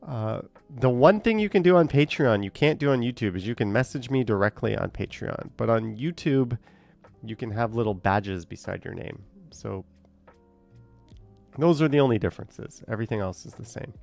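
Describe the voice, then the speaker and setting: Gravelly-voiced man rambling on a stream. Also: medium pitch, animated, normal speed, a little mellow, soft background music. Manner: rambling and hesitant, trails off with fillers. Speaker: live streamer reading viewer chat. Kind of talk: casual live-stream chat.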